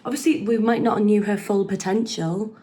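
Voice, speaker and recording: A young woman holds forth in a casual podcast, blunt and animated. She tosses off opinions with easy swearing and a conversational, offhand rhythm. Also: medium pitch, brisk. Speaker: podcast regular.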